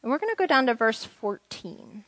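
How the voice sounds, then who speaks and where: A woman's voice: a little high, big pitch swings, normal speed, a bit bright, no room sound. A woman teaching the Bible to a small group in a conversational way, asking them questions and reading scripture aloud.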